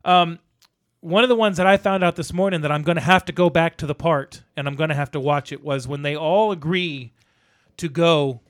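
A middle-aged man co-hosting a podcast, chatting casually about a movie in a rambling, animated way. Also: a little high, a little fast. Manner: rambling, animated storyteller, acts out quotes. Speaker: podcast co-host.

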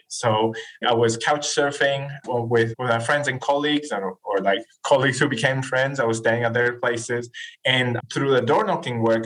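A man of about forty from Chile, speaking English, guests on a podcast. He tells his story in a relaxed, animated way and slips into voices when he quotes people. His pitch is mid-range. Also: low-quality recording. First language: Spanish. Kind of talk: casual interview storytelling.

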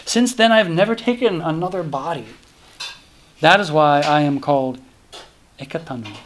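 A man's voice: on the high side, moderate pace, slight background noise, lightly acted. A man voicing a scheming false hermit who boasts in a grand, reciting way. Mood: boastful.

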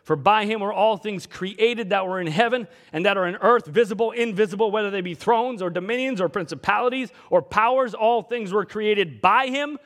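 A man preaching a sermon, swinging between emphatic outbursts and quiet asides, reading out scripture. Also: high-pitched, moderate pace, hardly any pauses. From Scotland. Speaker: pastor.

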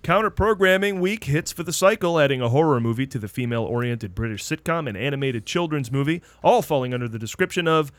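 A man's voice: mid-range voice, fast, few pauses, no room sound. A man co-hosting a movie podcast, reading wry scripted previews and chatting. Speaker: podcast co-host.

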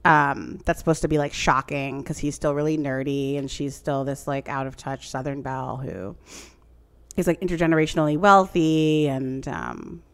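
Low-voiced woman chatting casually. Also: smooth. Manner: rambling, animated storytelling with many "like" fillers. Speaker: podcast co-host recapping a TV show. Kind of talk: casual chat.

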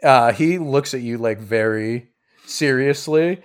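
A man runs a tabletop role-playing session as game master. He narrates in a loose, easygoing way, with fillers and small chuckles. His voice sits at an everyday middle pitch. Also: unhurried, smooth. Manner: laid-back, chuckling, lots of fillers.

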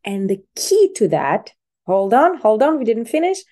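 Middle-aged woman, mellow, slightly high, expressive teacher energy. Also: normal speed. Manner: animated, acts out parents and babies in quoted voices. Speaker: positive psychology expert, guest. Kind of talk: casual podcast interview.

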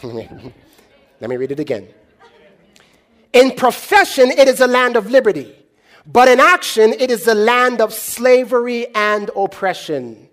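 A man with a notably high voice delivers a sermon to a congregation. He preaches in a call-and-response way, rising to loud exclamations and then dropping to hushed, low tones.

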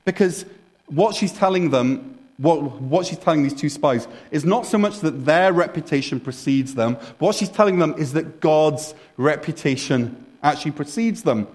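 A man's voice: fairly high pitch, a little mellow. A man preaching a sermon in a conversational, storytelling way, explaining a Bible passage. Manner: conversational, storytelling, with restarts and asides.

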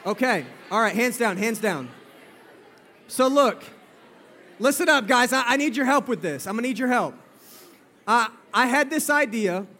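Young male youth pastor, high voice, casual and playful, repeats lines for emphasis. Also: expressive, moderate pace, long pauses, pushed and bright, some chatter behind. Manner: chatty and playful, often calls out "guys" and repeats himself. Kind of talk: sermon to a live audience.

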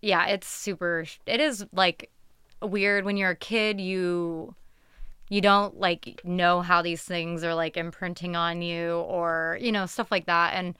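A young woman hosting a casual interview, chatty and quick to laugh, with lots of fillers. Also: fairly low pitch, fairly even intonation, bright, forceful tone, smooth, dry recording, studio quality.

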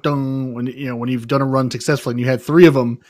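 A man co-hosting a casual podcast chat, talking quickly with stumbling restarts. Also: medium pitch, little pitch movement, a little mellow, dry recording, studio quality.

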